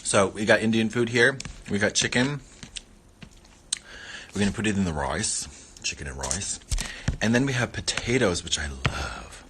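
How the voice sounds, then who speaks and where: A man's voice: fairly low pitch, lively intonation, normal speed, long pauses, fairly bright tone, a little hiss or hum. A man hosting a casual livestream, chatting playfully while he eats and rambling between muttered catchphrases. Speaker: livestream host.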